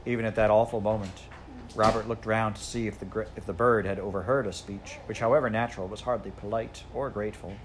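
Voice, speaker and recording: A man reading a children's storybook aloud, in a measured, unhurried narration. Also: fairly low pitch, steady tone, noisy background. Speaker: audiobook reader.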